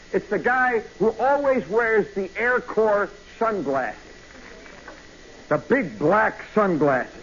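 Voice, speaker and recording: A man hosting a radio show, telling a long story in a rambling, animated way, full of asides and "you know"s. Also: sits high. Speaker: radio host. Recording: muffled old radio broadcast with faint hiss.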